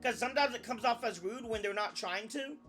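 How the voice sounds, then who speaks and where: A young adult VTuber chats casually on a live stream, rambling, often restarting sentences and occasionally swearing. The voice is medium-pitched, fairly quick and fairly bright, with faint music playing behind.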